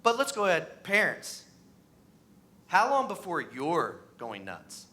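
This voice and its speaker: A pastor in his thirties preaching a sermon in a church, animated and acting out the voices of the people in his stories. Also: slow pace. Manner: animated, acts out voices, pitch rises on mocking lines. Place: church sanctuary.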